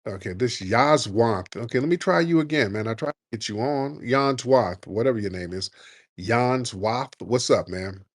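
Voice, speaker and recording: A man hosts a live call-in chat with a voice of ordinary pitch. His delivery is mocking and taunting, and he keeps calling his callers "sir". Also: moderate pace, dry recording, clean studio sound. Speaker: host.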